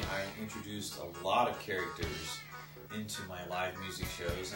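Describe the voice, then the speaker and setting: A man's voice: low voice, far from the mic. A man, an actor, narrating his career in an upbeat, showman-like way. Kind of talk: self-promo narration. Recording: echoey room, off-mic.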